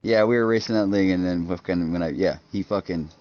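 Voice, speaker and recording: A man's voice: low voice, fairly quick, a little mellow. A man in casual voice chat who talks bluntly and swears often, mostly agreeing with his friend. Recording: dull lo-fi voice chat with faint noise.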